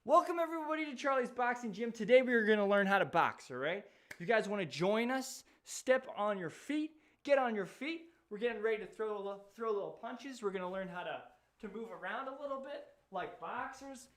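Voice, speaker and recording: A man's voice: sits high, animated, a little fast, fairly bright tone. A man hosting a live stream, chatting upbeat and a little out of breath as he talks straight to his viewers. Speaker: host of an educational live stream. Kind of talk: energetic live-stream talk to chat.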